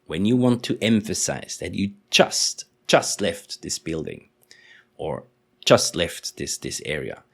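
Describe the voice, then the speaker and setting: A man teaching in English, explaining patiently and slowly repeating example sentences. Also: low-pitched, sing-song, gravelly. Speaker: German teacher. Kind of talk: language lesson explanation.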